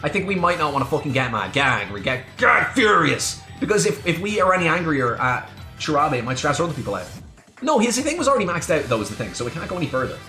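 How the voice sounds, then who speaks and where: Animated, foul-mouthed young woman streamer. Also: sits low, fast talker. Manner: animated, profane, joking. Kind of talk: voice-acted game playthrough with commentary. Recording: echoey room, faint music behind.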